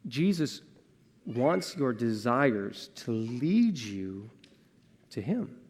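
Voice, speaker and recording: A man's voice: medium pitch, very animated, drawn-out words, breathy edge. Earnest male pastor in a reverberant sanctuary. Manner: earnest, swings between emphatic and hushed, asks rhetorical questions. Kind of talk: sermon. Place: church sanctuary. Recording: long church reverb.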